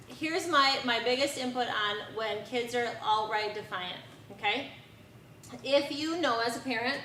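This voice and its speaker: A woman's voice: on the high side, a bit bright, distant mic, a little hiss or hum. Earnest woman speaking in an echoey room. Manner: earnest, repeats key advice, many ums. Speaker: presenter on bully prevention. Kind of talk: community presentation answering parent questions.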